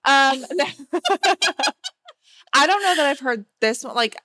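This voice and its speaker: A woman's voice: high-pitched, expressive, slow pace, bright, forceful tone, no echo. Southern woman chatting, dry close sound. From American South. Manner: laughs often, rambling with many fillers. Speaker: podcast co-host. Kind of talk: casual chat.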